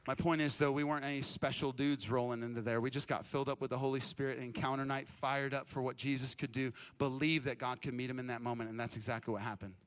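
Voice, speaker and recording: A young adult man preaching a sermon as a pastor, telling a story in a casual, energetic way and often repeating words. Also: mid-range voice, quick pace, hardly any pauses, slight background noise. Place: church stage.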